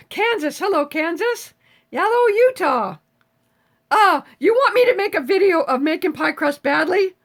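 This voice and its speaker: A woman in her seventies chatting casually on a live stream, reading viewer comments aloud and answering them with frequent swearing. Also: high-pitched. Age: 70s.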